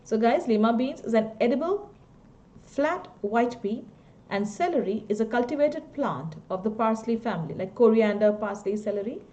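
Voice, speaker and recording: A woman's voice: fairly high pitch, animated, moderate pace, dark tone, dull audio. A woman teacher with an Indian English accent, reading a story aloud and stopping to explain its words.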